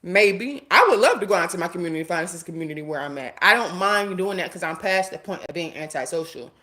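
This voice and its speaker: A woman's voice: on the low side, fast. A woman live streaming, ranting casually and bluntly to her viewers, talking to the chat and swearing freely. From United States. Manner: blunt, animated, talks straight to viewers and chat. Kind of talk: casual livestream rant.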